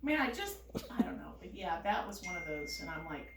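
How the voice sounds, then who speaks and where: Animated woman telling a story in a roomy space. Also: fairly low pitch, a little fast, vocal fry, distant mic, noisy background. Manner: animated, often laughing mid-story. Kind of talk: casual spoken anecdote.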